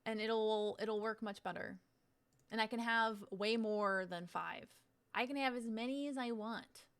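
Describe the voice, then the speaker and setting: Slow-talking, higher-voiced woman streamer. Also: clear, resonant tone. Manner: rambling, swears freely, self-mocking. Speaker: Twitch streamer. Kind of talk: casual livestream chatter.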